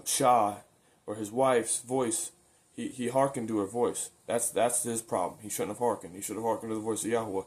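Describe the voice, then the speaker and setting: An earnest man preaching casually in a talk-to-camera video, at a medium pitch. His delivery is loose and conversational, full of informal turns of phrase. He often repeats words and restarts his sentences as he works through a thought. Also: a little mellow. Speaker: religious video maker.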